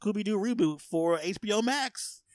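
Male co-host, slightly high voice, excitable fan chatter, dry mic. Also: moderate pace, dry recording. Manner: excitable, gushing fan talk. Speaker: podcast co-host. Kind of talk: casual chat.

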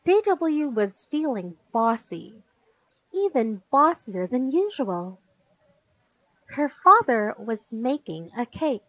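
A woman reading a children's picture book aloud, slow and deliberate. Her pitch rises and falls in a lively way, sitting a little high. The sound is close and dry. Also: no echo, low-quality recording. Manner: expressive, measured storytelling. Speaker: narrator.

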